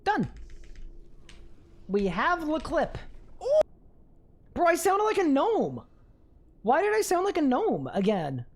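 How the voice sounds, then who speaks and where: A young woman giving live gaming commentary on a stream, talking to chat, excitable and quick to laugh. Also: sits high.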